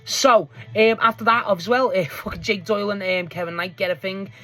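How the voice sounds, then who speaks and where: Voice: mid-range voice, fairly even intonation, fairly quick, pushed and bright. A speaker giving a casual, rambling recap of a wrestling match. They swear freely, laugh often and restart sentences a lot. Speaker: wrestling show reviewer.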